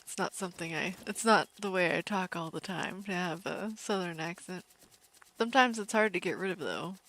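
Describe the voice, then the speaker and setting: A woman streaming a game, chatting casually with viewers in a calm, relaxed way and laughing easily. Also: lowish voice, moderate pace. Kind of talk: casual live-stream chat over gameplay.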